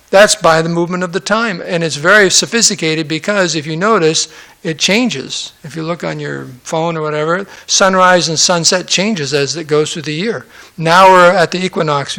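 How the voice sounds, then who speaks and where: Man, scripture class, conversational sermon, joking asides, fairly high voice, bright tone. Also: creaky. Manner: conversational, joking asides, acts out quoted characters.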